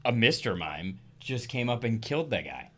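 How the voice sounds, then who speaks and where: A man's voice: mid-range voice, sing-song, normal speed. A man playing a tabletop game, talking in slang and swearing casually. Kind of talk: casual chat as a tabletop player.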